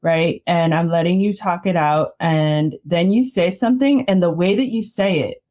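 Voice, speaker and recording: Woman, therapist guest, casual chat, animated, laughs often, fairly low voice. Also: normal speed. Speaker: art therapy counselor, guest.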